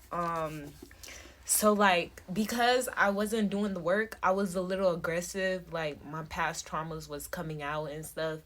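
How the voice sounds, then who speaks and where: A woman vlogger talking casually to her phone camera, rambling with many fillers and restarts. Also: fairly low pitch.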